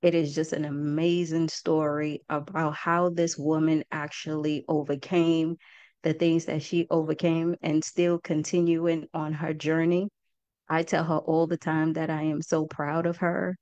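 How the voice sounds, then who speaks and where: A woman's voice: deep voice, little pitch movement, measured pace, darkish tone, no room sound, dull audio. A woman hosting a group talk for an online audience, speaking in a heartfelt, folksy way and often calling her listeners "y'all". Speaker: host and project founder.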